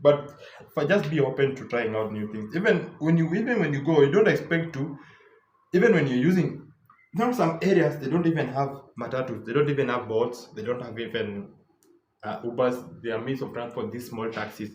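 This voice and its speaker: A man's voice: mid-range voice, normal speed, a little mellow. Earnest man giving travel tips. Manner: earnest, advising, repeats and restarts phrases. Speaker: travel vlogger. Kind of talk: casual travel advice to camera. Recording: echoey room with faint background noise.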